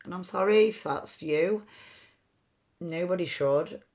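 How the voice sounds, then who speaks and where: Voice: mid-range voice, slow, vocal fry, a little mellow. A rune reader giving a meandering, free-associating reading with chatty asides. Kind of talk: slow intuitive card-style reading.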